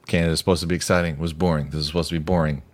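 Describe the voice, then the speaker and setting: A man's voice: a bass voice, flat delivery, racing. A man co-hosting a casual podcast, chatty and self-mocking. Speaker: podcast co-host. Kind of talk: casual chat.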